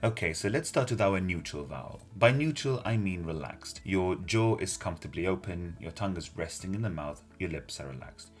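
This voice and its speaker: A man with a British RP accent teaching pronunciation in an accent tutorial, speaking clearly and drilling words slowly and carefully. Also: deep voice.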